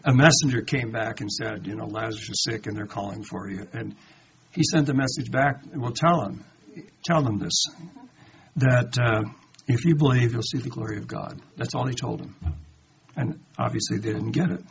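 A man of middling pitch leads a conversational Bible study, reading a passage and then stopping to ask his listeners rhetorical questions. He acts out the quoted lines with lively emphasis. The recording is dull and lo-fi, with a faint hiss of background noise behind him. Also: moderate pace, vocal fry. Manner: reads verses aloud then comments with rhetorical questions. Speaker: Bible teacher.

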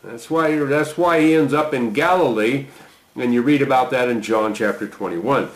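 A man preaching a sermon, reading scripture aloud with a lifted voice and dropping into quiet, conversational asides. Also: normal speed. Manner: lifts voice to read quoted lines, drops low for reflection. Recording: roomy echo.

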